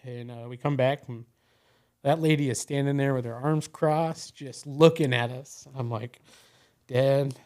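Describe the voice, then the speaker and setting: A man's voice: mid-range voice, fairly even intonation, normal speed, darkish tone. A man as a podcast guest, telling a personal story in a loose, casual way, full of "you know" and "like".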